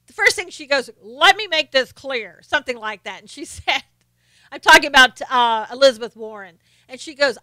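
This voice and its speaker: A woman with a faint Southern accent hosts a casual live stream, reading viewer comments aloud and chatting. Her voice sits high and crisp, with a smooth, clear tone. She laughs easily, and the sound is dry and close. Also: pushed and bright, no room sound. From North Carolina, US. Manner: chatty, laughs often, slows down to mimic quotes.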